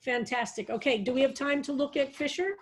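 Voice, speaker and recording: A woman rabbi leading an online psalm study, reading verses aloud slowly and explaining them with thoughtful enthusiasm. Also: sits high. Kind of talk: online text study class.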